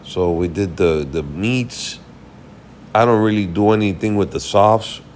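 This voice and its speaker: Casting: weary male host, very low voice, loose unscripted market chat, faint hiss. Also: unhurried, darkish tone. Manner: rambling, thinks aloud while checking charts. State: tired, yawning. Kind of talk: casual market recap.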